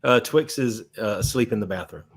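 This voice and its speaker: A man's voice: fairly low pitch, fairly quick, breathy edge. A man co-hosting a podcast, chatting casually and laughing often, addressing viewers directly. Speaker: podcast co-host. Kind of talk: casual chat.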